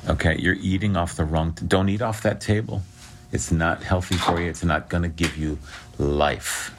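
A man with a deep, low voice preaches in a relaxed, chatty way to a small group, often pausing to ask "okay?" and restarting his sentences. A faint hiss sits under the recording. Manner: conversational preaching with restarts and frequent "okay?" checks. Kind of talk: sermon.

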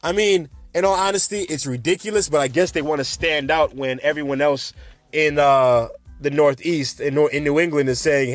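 A man's voice: on the high side, fairly even intonation, moderate pace, no room sound, soft background music. A man in his twenties hosting a podcast, rambling through a late-night rant in a jokey, sarcastic way. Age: 20s. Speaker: podcast host.

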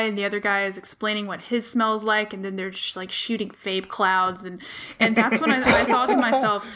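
A young woman on a podcast tells an anecdote with wry humor in a casual, chatty way. Her voice is bright and a touch high. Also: moderate pace. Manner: wry, animated storyteller. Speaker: podcast co-host. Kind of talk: casual storytelling chat.

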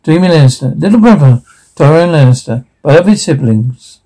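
A man reading a script aloud and announcing each speaker's name, halting, with stumbles and restarts. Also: on the high side, expressive, dark tone. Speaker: script reader.

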